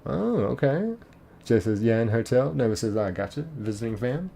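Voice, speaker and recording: A man's voice: fairly low pitch, brisk, dark tone, slight background noise. A man streaming a game, casually reading chat messages aloud, laid-back and chuckling.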